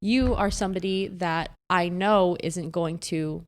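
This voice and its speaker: A young woman co-hosting a podcast chats casually in a lowish voice at a slightly slow pace. She's a candid, animated storyteller who acts out the people she quotes.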